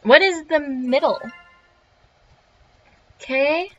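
A young woman streamer reads game text aloud and reacts in a jumpy, swearing way. Her voice is bright and a little high, and she speaks slowly. The audio is crunchy and lo-fi. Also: soft background music. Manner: swears freely, jittery and easily spooked. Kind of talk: let's-play commentary, reading game text aloud.

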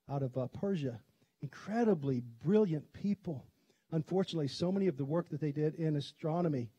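Husky-voiced preacher man, dry close sound. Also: fairly high pitch, dark tone, dry recording. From Kentucky. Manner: conversational storytelling, quick to laugh. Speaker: pastor. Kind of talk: sermon. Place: church sanctuary.

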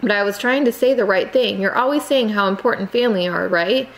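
A woman's voice: medium pitch, brisk, lightly acted, rough recording. A woman voicing an earnest, frustrated American teenage boy who pleads insistently. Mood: pleading. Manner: insistent, exasperated, raises his voice.

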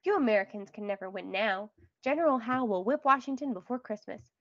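A woman putting on a boastful young bully boy, taunting and mocking in a raised, higher voice. The sound is dry and a little dull, like a slightly lo-fi storybook recording. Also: brisk, a bit bright, no room sound.

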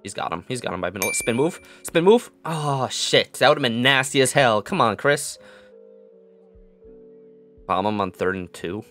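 A young man giving live commentary on his own football video game, muttering plays, then yelling and gloating in a sing-song voice. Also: medium pitch, moderate pace, pauses often, soft background music. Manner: excitable, swings from mutters to yelling. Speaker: gaming commentator.

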